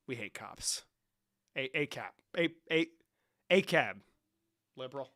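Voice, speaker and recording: A young man talks off the cuff on a livestream, swearing freely and rambling between jokes. His voice sits a little high and has a sharp, bright edge. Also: normal speed. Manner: profane, rambling, loose and joking. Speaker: streamer. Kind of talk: casual livestream chat, answering chat.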